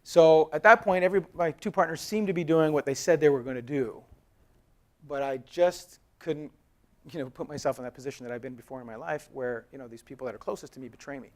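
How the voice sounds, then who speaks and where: A man's voice: mid-range voice, quick pace. A man in his thirties from Canada giving a conversational, storytelling keynote talk at a conference as a company co-founder. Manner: lively, conversational, acts out dialogue with raised voice. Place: conference hall.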